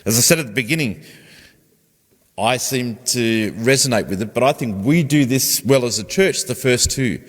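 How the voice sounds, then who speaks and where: A man's voice: medium pitch, expressive, moderate pace. A man, a pastor preaching a conversational sermon and putting questions to his congregation. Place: church. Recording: long church reverb.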